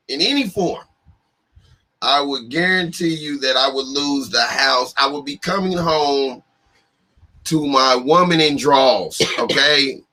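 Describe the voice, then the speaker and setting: A man co-hosting a casual talk show, ribbing his co-host with mock exasperation. His voice is bright and forward, with a husky edge. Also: mid-range voice, low-quality recording. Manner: playful, mock-exasperated, joking. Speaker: podcast co-host. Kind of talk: casual chat.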